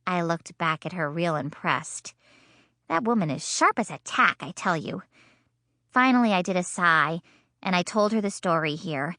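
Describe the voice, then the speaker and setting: A woman's voice: fairly low pitch, lively intonation, moderate pace, pushed and bright, dry recording. A woman reading a children's audiobook in a bubbly, childlike first-person voice, in a studio. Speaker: audiobook narrator.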